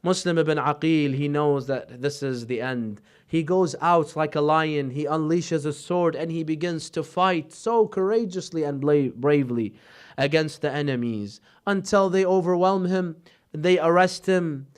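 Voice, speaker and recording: A man's voice: a little high, measured pace, clean tone. A man preaching a sermon, telling a story with emotional, dramatic narration.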